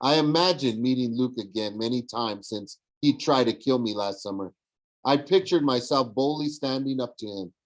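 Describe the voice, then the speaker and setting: Brief: male audiobook narrator, steady storytelling, mid-pitched. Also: low-quality recording. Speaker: audiobook reader.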